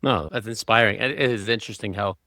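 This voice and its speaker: A man's voice: fairly low pitch, quick pace, pushed and bright, no room sound, studio quality. A man hosting a doctors' podcast, asking questions in an encouraging, conversational way.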